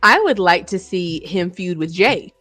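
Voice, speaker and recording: A woman co-hosting a casual wrestling podcast, talking in a lively, playful way. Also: on the low side, unhurried, no room sound, faint music behind. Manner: lively, playful, laughs often. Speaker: podcast co-host.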